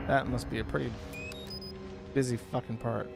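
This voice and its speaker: A man's voice: mid-range voice, fairly even intonation, normal speed, gravelly. A man giving rambling, joking let's-play commentary as he plays a horror game, swearing now and then. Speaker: gaming streamer.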